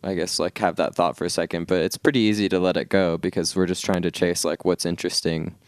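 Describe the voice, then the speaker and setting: A man musician answering interview questions in a relaxed, easygoing way. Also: low-pitched, quick pace, no room sound. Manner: relaxed, easygoing, hesitant phrasing. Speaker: indie rock musician. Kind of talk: casual radio interview.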